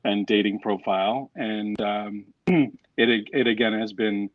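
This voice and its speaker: Guest author: low-voiced man, chatty and self-deprecating, on a dry, muffled video call. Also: slow, no echo. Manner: storytelling, self-deprecating, restarts often. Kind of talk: casual interview chat.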